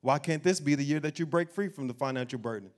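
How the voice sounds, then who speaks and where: A man preaching an animated sermon as pastor, acting out doubting voices and laughing along the way. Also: fairly high pitch, fast.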